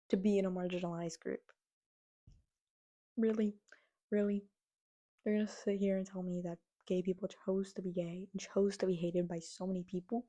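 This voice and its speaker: Mellow-voiced young woman ranting casually. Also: mid-range voice. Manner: animated, exasperated, mocks others in quoted voices. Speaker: vlogger. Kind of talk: casual opinion rant to camera.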